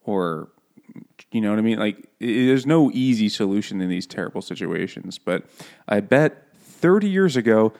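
Low-voiced rambling man chatting. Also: animated, normal speed, darkish tone. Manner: rambling, self-interrupting, laughing asides. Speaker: podcast co-host. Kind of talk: casual book chat.

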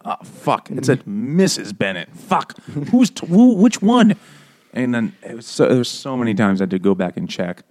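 A man's voice: mid-range voice, sing-song, normal speed, darkish tone. A man co-hosting a casual podcast about a book, tossing in profane wisecracks. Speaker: podcast co-host. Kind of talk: casual comedic book chat.

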